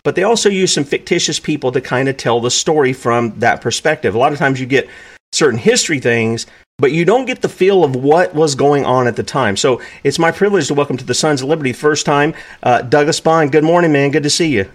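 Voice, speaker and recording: A man's voice: fairly high pitch, expressive, a little fast. A man hosting a live show, talking casually and rambling with many fillers. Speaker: host. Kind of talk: casual live-stream talk.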